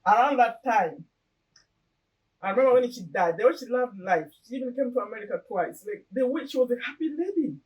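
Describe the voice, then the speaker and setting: A woman's voice: a little high, expressive, a little mellow. Earnest middle-aged woman, slightly distant. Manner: earnest, reflective, with pauses and restarts. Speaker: vlogger sharing her vision board. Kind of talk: casual personal talk to camera.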